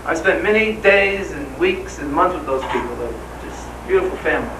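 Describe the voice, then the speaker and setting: A man's voice: fairly high pitch, expressive, moderate pace, noisy background. A man giving a live motivational seminar speech, enthusiastic and firing rhetorical questions at the crowd. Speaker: motivational speaker. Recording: echoey hall, voice from far off.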